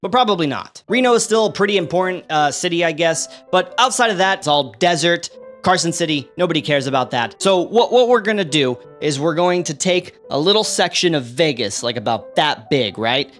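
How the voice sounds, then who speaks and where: Sarcastic young man with a high voice. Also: brisk, faint music behind. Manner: sarcastic, animated, jumps pitch for emphasis. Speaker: online creator. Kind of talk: comedic map commentary.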